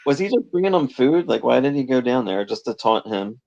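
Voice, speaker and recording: A man with a gravelly, creaky voice, chatting casually and tossing out questions as he recaps soap plots. The recording sounds muffled and lo-fi, as if the treble is rolled off. He acts out characters loosely in quotes. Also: medium pitch, animated, fairly quick, a little mellow, no room sound. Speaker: podcast co-host. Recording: dull lo-fi sound.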